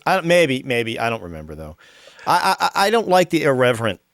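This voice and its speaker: A man co-hosting a casual podcast chat, talking in halting starts and restarts. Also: mid-range voice, sing-song, fairly bright tone, dry recording, clean studio sound.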